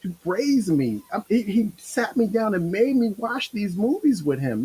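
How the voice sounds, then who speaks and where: A middle-aged man hosting his own livestream show, talking in a rambling, emotional, animated way. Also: high voice, a little slow, hardly any pauses, husky, rough recording. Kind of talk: casual livestream monologue.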